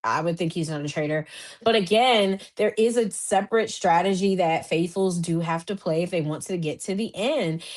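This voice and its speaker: A woman hosting a podcast, giving a casual recap in an animated, chatty way, full of fillers and restarts, her voice jumping higher when she gets excited. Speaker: podcast host.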